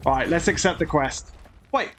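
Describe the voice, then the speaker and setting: High-voiced man grumbling through gameplay. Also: moderate pace, fairly bright tone, slight background noise. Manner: chatty, grumbling and self-mocking. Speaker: gaming channel host. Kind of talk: gameplay commentary.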